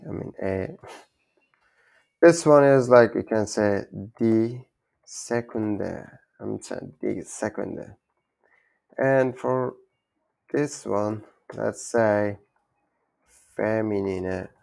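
Low slow guy w/ a gravelly voice, keeps repeating words n fixing himself. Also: darkish tone. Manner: halting, repeats words, self-correcting. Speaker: language learner teaching German basics. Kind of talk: informal self-taught lesson.

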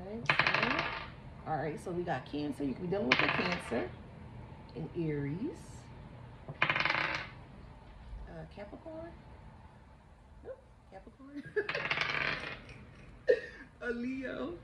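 A woman gives a casual tarot reading in a slightly high, sing-song voice, speaking slowly with creaky tones and frequent pauses. Her delivery is frank, emphatic and preachy, with an occasional swear word. She sits far from the mic in an echoey room, with faint hiss underneath.

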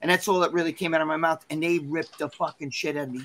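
A man tells an anecdote in an interview, in a bright, forceful voice that sits a little high for a man. His delivery is animated and rambling, and heavy with swearing. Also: a little fast. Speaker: interview guest. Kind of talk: casual storytelling.

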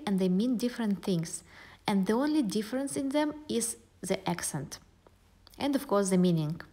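Woman, Russian accent, mid-pitched voice, patient teacher walking through pronunciation step by step. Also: darkish tone. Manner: methodical, spells out and models pronunciations slowly. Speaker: language teacher. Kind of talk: online language lesson.

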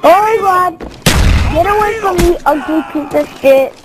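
A woman chatting during a shooter game, loudly taunting and trash-talking. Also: very high voice, a little slow, noisy background. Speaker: gamer. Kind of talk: live gameplay chat.

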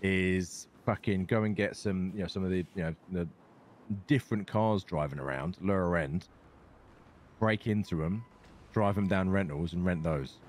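A man's voice: deep voice, normal speed. A British man chatting in character during a role-play game, matter-of-fact and swearing casually.

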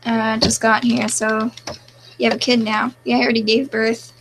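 A woman's voice: on the high side, flat delivery. Offhand woman with a crackly voice. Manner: offhand, mumbling, drawn-out answers with fillers. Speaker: live streamer. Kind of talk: casual chat, reading out viewer comments.

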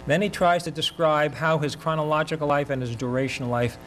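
An older man giving an academic lecture in a measured, reflective way, often pausing mid-thought. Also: on the high side, fairly even intonation, fairly bright tone, a little hiss or hum, poor audio. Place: university lecture.

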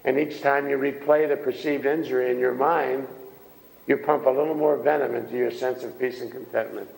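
A man's voice: medium pitch, fairly even intonation, a little fast, gravelly, a little mellow. A male minister giving a folksy, conversational sermon and asking the congregation questions. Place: church hall. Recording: echoey, reverberant hall.

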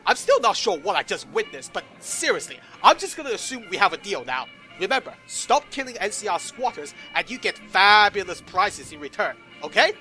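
A man's voice: sits high, sing-song, brisk, hardly any pauses, bright, forceful tone, soft background music. A man giving comedic gameplay commentary in a sarcastic, profane, exasperated manner. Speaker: commentator voicing the player character.

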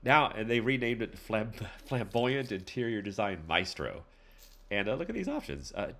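A man with a very low voice walks through a casual screen tutorial. He rambles in a relaxed, playful way, dropping lots of fillers and side comments as he goes. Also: normal speed. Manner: loose and rambling, many fillers, playful asides. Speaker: tutorial host.

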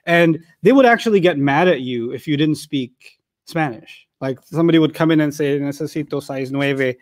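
A man's voice: on the high side, normal speed, dry recording, clean studio sound. A middle-aged man giving a Quran lecture, telling stories in a humorous, conversational way. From Pakistan. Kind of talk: storytelling sermon lecture.

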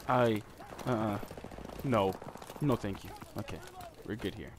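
A young man rambling through his own shooter gameplay with profane trash talk, swearing often and turning excitable. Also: on the low side, unhurried, long pauses. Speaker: gamer streaming commentary. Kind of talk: profane live gameplay commentary. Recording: noisy gameplay audio with gunfire. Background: game gunfire and clicks.

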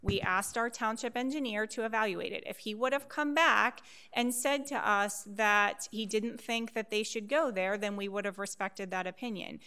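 A woman chairing a public meeting, firm and measured as she explains the board's position. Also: mid-range voice, bright, forceful tone, clear, resonant tone.

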